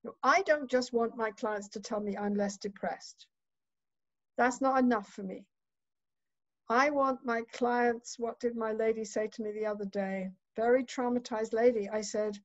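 A woman psychotherapist giving a conference keynote, speaking emphatically and conversationally and often checking in with a quick "right?". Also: a little high, fairly even intonation, no room sound. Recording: dull lo-fi dry sound.

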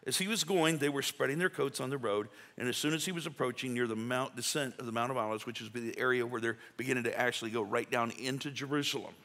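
A male pastor delivers a folksy, conversational sermon in a reverberant church sanctuary, acting out little quotes as he goes. His medium-pitched voice is pushed and bright, moving at a quick pace with few pauses.

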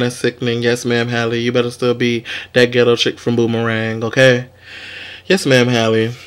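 A young man hosting a casual celebrity gossip vlog, sassy and profane, talking straight to his viewers. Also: medium pitch. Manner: sassy, profane, animated commentary. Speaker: vlog host.

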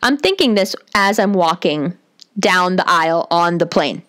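A young woman with a deep, bassy voice telling a comic personal story. She talks in a profane, animated, self-mocking way. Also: a little slow, clean tone.

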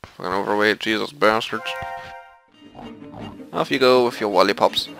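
A man's voice: fairly low pitch, moderate pace, vocal fry, long pauses, a bit bright, rough recording. A man hosting a let's play, giving sweary, exasperated commentary and muttering to himself as he plays. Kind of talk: profane gaming commentary. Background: violin game music.

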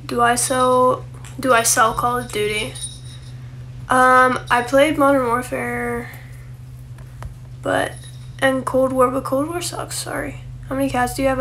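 A woman's voice: high-pitched, fairly even intonation, slow pace, pauses often, bright, forceful tone, a little hiss or hum. A young woman chatting casually on a phone livestream, rambling with lots of likes and ums and casual swearing.

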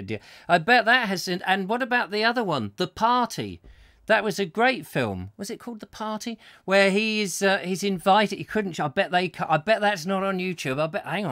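A chatty man hosting a live comedy show, his voice rising and falling freely on a slightly high pitch. He rambles cheerfully with lots of fillers and laughs at his own jokes, recorded dry and close. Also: a bit bright, no echo. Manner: chatty and self-mocking, often laughs and trails off with fillers. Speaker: host of a comedy chat show. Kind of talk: rambling live chat, reading viewer comments.

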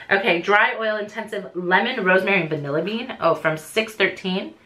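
A woman in her thirties chatting through a casual unboxing vlog, gushing and excitable, gasping often. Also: medium pitch, normal speed. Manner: gushing, excitable, frequent gasps. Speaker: beauty vlogger.

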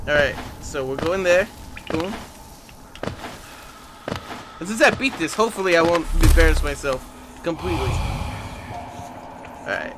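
A man streaming a video game live, chatting casually and excitably and swearing often, sounding tired. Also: on the high side, unhurried, long pauses, noisy background. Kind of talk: casual live gameplay commentary.

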